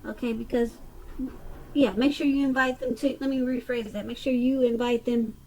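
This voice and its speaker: Woman, slightly high voice, casual tarot reading, chatty, frequent restarts. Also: steady tone, normal speed, warm tone, a little hiss or hum, rough recording. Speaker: tarot reader.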